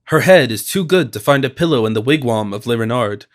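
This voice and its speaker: Brief: man reading as a fierce warrior captor, taunting and menacing, mid-pitched, audiobook delivery. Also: lively intonation, brisk, close to an everyday voice. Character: fierce vengeful male Huron warrior.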